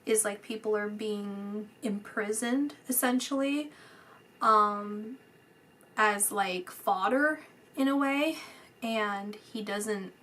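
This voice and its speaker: Slow, bright-voiced woman giving a reading. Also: medium pitch. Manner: hesitant, many fillers, drifts into soft whispers. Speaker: psychic reader. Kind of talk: casual spoken psychic reading.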